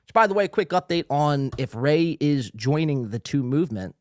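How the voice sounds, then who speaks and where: A man's voice: a little high, lively intonation, normal speed, darkish tone, dry recording. A man hosting a podcast, ranting casually with lots of swearing, fillers and restarts, and he is a little tipsy. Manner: rambling, profane, with frequent fillers and restarts. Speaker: podcast host.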